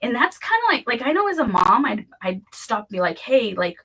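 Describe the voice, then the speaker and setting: A woman's voice: a little high, sing-song, brisk, bright, forceful tone, breathy edge. A woman in her thirties co-hosting a casual talk show, talking in a chatty way with plenty of "like" fillers. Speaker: podcast co-host. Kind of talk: casual chat.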